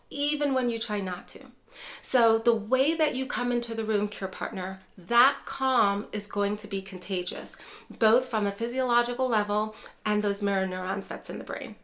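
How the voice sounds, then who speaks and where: A woman's voice: medium pitch, a bit bright. A woman neuropsychologist teaching dementia caregivers in a direct-to-camera lesson, repeatedly addressing viewers as care partners.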